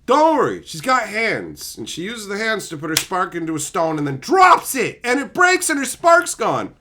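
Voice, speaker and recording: A man's voice: high voice, wildly swooping pitch, moderate pace, background noise. A man streaming live, ranting with exasperated, profane mockery while reading chat.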